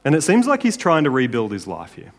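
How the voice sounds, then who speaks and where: A male preacher delivers a sermon in a relaxed, conversational way and keeps checking in with his listeners. His voice sits in a middle pitch. A long reverb from a large hall follows his words. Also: fairly quick, creaky. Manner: casual, conversational, with tag questions.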